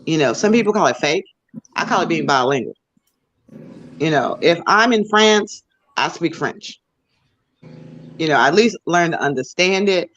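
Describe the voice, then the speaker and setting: A woman's voice: on the low side, expressive, moderate pace, long pauses, a bit bright, lo-fi sound. An American woman on a podcast panel, arguing her case and explaining in numbered points. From United States. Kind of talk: heated panel discussion.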